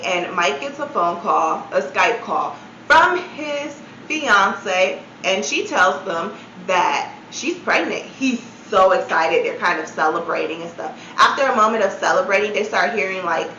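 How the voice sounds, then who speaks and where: A storytime vlogger with a mid-pitched, pushed, bright voice chats through a story, saying "like" every few words and breaking off for incredulous asides. Her voice echoes in a roomy space, and the modest mic gives a slightly dull sound with a bit of hiss or hum.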